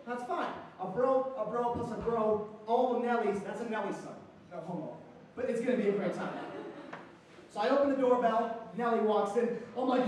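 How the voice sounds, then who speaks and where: A man doing a stand-up comedy set, telling stories brashly and shouting out quoted lines. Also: sits high, moderate pace, slight background noise. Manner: brash storytelling with loud acted-out quotes. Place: comedy stage. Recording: echoey room, mic far off, faint ambience.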